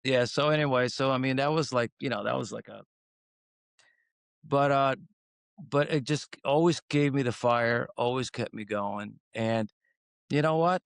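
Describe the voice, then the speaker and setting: A man chatting as an interview guest, rambling and animated. His voice sits at a mid pitch and sounds dry and close, with no room around it. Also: a little slow, creaky, clear, resonant tone, dry recording. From Croatia. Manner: animated, rambling, acts out quotes with swings in pitch. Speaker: guest singer. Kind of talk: casual interview storytelling.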